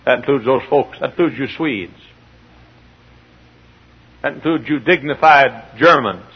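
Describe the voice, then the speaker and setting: A middle-aged male pastor preaching a sermon in a large church, swinging from quiet storytelling to loud shouting, with a husky voice. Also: medium pitch, a little slow. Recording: dull lo-fi church recording.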